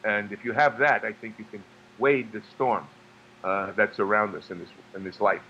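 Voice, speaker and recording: A man from New York, a guest actor and singer, telling stories in a halting way with many restarts and fillers. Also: on the low side, steady tone, pushed and bright, highs cut off, slight background noise. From New York, USA. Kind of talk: casual storytelling interview.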